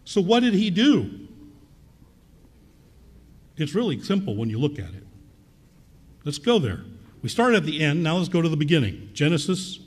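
Male preacher, husky, lively intonation, emphatic repetition of key words. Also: on the high side, normal speed, long pauses, long reverb tail. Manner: reads scripture aloud and repeats key words for emphasis. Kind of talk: sermon. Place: church.

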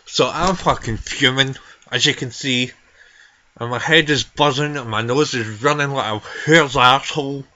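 A man's voice: medium pitch, moderate pace, pushed and bright. A man voicing a foul-mouthed, furious Scottish granny in her eighties, ranting and swearing nonstop in a comedy vlog. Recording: dull lo-fi home recording.

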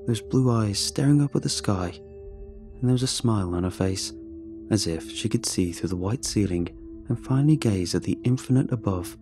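A man narrating a horror story in a measured, somber way. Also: lowish voice, lively intonation, music in the background.

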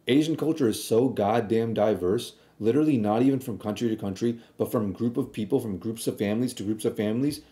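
A man's voice: lowish voice, brisk, few pauses, dark tone. A man streaming a reaction video, arguing bluntly in a casual, rambling way with frequent restarts.

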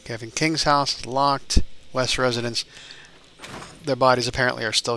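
Bright-voiced man rambling over gameplay. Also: medium pitch, steady tone, normal speed. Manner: rambling, thinks aloud with many fillers. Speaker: gaming YouTuber. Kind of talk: let's play commentary.

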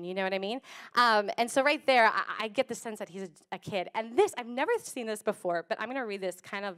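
A woman pastor giving a casual, animated sermon and acting out voices, streamed over a video call. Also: on the high side, fast talker.

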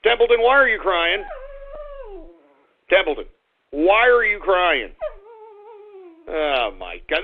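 A man hosting a live radio show, exasperated, yelling and ranting at his dog. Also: high-pitched, slight background noise. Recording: tinny phone-like radio audio.

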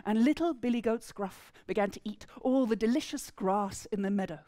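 A woman's voice: fairly high pitch, normal speed, mellow, no room sound, clean studio sound. A woman from England, telling a folk tale expressively to an audience. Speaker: storyteller. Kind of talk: oral storytelling to a live audience.

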